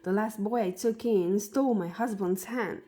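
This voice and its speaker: A woman's voice: medium pitch, moderate pace, dark tone, soft background music, natural voice. A woman reading a storybook aloud and voicing a giant's wife who speaks curtly and dismissively. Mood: stern. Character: stern grown wife of a giant.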